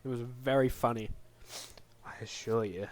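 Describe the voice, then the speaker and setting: A man's voice: medium pitch, fairly even intonation, moderate pace, rough recording. A young man giving a goofy, scatterbrained comedic monologue into a desk microphone, acting out silly voices. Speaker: comedic history narrator.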